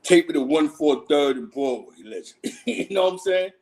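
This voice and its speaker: A slangy man telling stories on a livestream, often breaking into laughter. His voice sits a little high for a man. He talks casually and animatedly, like a host riffing to his viewers. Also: lively intonation, moderate pace, creaky, a little mellow, poor audio. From Harlem, New York. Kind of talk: casual street storytelling.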